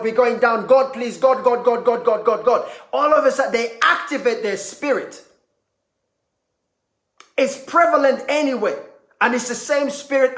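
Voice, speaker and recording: A man giving a motivational sermon, telling a story with rising intensity and shouting at the peaks. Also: high-pitched, roomy sound. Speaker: speaker.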